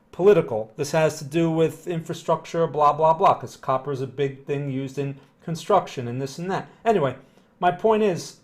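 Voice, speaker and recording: A man hosting a live chart analysis stream, talking casually and rambling, checking in with "right?" and greeting viewers. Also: on the high side. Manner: casual, rambling, with frequent tag questions. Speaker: market analyst host.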